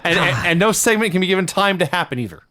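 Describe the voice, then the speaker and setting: A man co-hosting a casual wrestling podcast, recapping events quickly and laughing often. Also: high-pitched, animated, bright, forceful tone. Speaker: podcast co-host.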